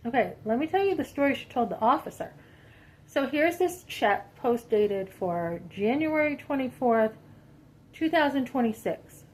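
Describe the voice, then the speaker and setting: A woman vlogger telling a personal story to her viewers in an animated, indignant, chatty way. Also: fairly high pitch, unhurried, rough recording. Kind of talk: casual storytelling to camera.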